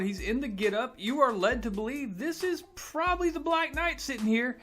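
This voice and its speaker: A man's voice: very high voice, normal speed, hardly any pauses, fairly bright tone, soft background music. A man casually reviewing a comic preview in a chatty, self-deprecating way.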